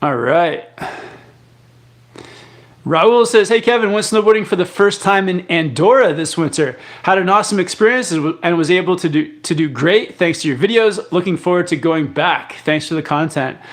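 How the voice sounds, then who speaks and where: A man's voice: sits high, moderate pace. A young man from Canada hosting a live stream, casually reading viewer comments aloud and answering with lots of fillers and restarts. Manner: relaxed, rambling, many fillers and restarts. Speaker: live chat host.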